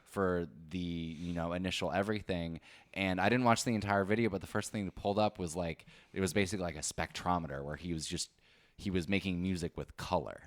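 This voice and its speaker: Male co-host, very deep voice, easygoing casual chat. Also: steady tone, fairly quick, no room sound. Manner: laid-back, enthusing about music. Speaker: podcast co-host.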